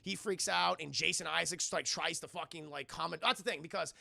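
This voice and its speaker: A man's voice: fairly high pitch, fairly quick, gravelly, sharp tone, dry recording. A man streaming a rambling, profane film recap, laughing and acting out scenes as he talks to chat. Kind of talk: casual livestream chat.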